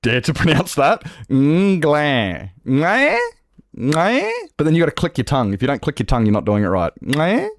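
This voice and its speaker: A man's voice: medium pitch, big pitch swings, brisk, few pauses, dry recording, clean studio sound. A man chatting casually on a gaming livestream, swearing freely and laughing often. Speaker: streamer.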